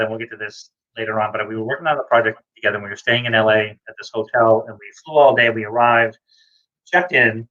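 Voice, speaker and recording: A middle-aged man from the United States telling anecdotes in a casual video chat, excitable and acting out voices. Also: medium pitch, fast talker. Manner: excitable storyteller, acts out voices. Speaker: comics creator, co-host. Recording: muffled lo-fi audio.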